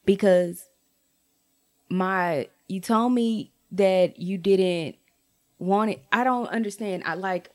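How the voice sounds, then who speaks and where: Animated woman ranting to her viewers. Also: a little slow. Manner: animated, swings to high exclaims; blunt, profane, talks straight to viewers. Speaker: vlogger. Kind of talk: casual storytime rant.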